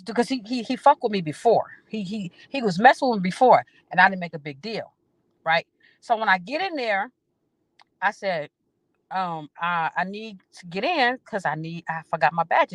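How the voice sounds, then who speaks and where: A woman's voice: medium pitch, a bit bright, dry recording. A woman hosting a casual storytelling chat, blunt and profane, repeating phrases for emphasis and acting out both sides of her conversations.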